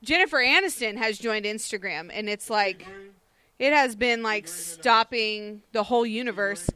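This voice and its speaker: A woman co-hosting a radio show, reading celebrity news in a brisk, dismissive casual way. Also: a little high, pushed and bright.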